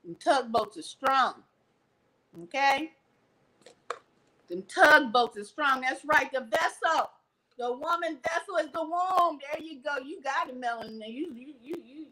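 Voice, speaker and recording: A woman's voice: high voice, a bit bright, poor audio. A woman vlogger talking animatedly on a livestream, preachy and theatrical, acting out little scenes with props.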